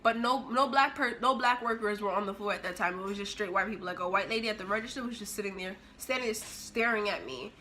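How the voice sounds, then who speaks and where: A young woman telling a personal story in a casual, animated way, with sudden bursts of loudness. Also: medium pitch, quick pace, few pauses, a little hiss or hum. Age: young adult. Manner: animated, expressive, with big jumps in loudness.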